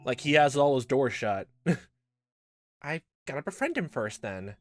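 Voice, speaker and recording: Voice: mid-range voice, sing-song, unhurried. A let's-play host reading a visual novel aloud in a casual, wry way, with rambling asides and faint game music behind.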